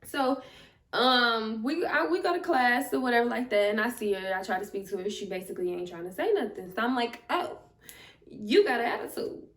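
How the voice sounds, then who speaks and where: A young woman telling a storytime vlog in an animated, chatty, slangy way. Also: a little high, brisk. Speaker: vlogger. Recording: roomy, distant mic.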